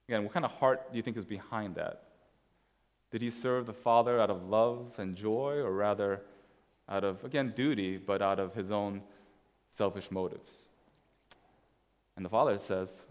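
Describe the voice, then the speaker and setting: A man's voice: fairly low pitch, moderate pace, pauses often, in a large hall. A man preaching a sermon in a casual, conversational way, telling a story as he walks through slides. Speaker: pastor.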